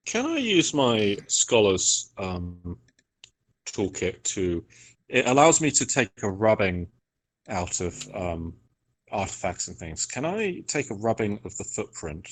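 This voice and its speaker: A man's voice: fairly low pitch, sing-song, slow pace. A man playing a tabletop game over a call, asking polite questions about his character's tools. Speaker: player.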